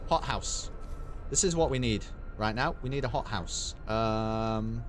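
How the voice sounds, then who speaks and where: A man's voice: lowish voice, unhurried, faint music behind. A British man streaming a game, chatting in a casual, sweary and wry way while he laughs along. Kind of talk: casual gameplay commentary.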